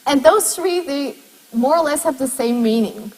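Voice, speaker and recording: A woman's voice: high voice, moderate pace, a little mellow, in a large hall, poor audio. A woman lecturing a university class, explaining step by step and putting questions to her students.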